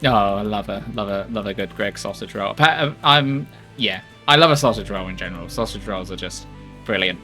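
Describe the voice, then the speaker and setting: A man's voice: lowish voice, brisk, bright, forceful tone, soft background music. A man with a posh theatre-trained English accent chatting casually on a stream, rambling and laughing at his own jokes. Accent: posh southern English, trained by theatre. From England. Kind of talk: casual chat.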